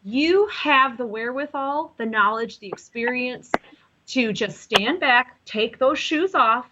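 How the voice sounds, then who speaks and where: A woman's voice: on the high side, lively intonation, a little slow, muffled recording, background noise. A woman giving live psychic readings to callers, chatty and rambling, often correcting herself. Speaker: psychic reader.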